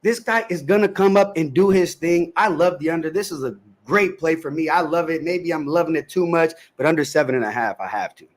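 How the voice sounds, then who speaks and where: Male podcast host, emphatic stat-driven betting breakdown, slightly higher voice. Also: a little fast, hardly any pauses. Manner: stat-heavy, emphatic, slangy.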